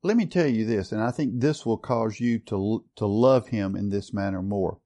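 A man's voice: fairly low pitch, moderate pace, mellow. A man preaching a sermon earnestly, building to strong stress on key words. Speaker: pastor.

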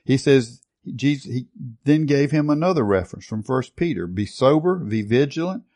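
A man's voice: mid-range voice, expressive, normal speed, darkish tone. Earnest male preacher retelling a testimony. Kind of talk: sermon reading and retelling a testimony.

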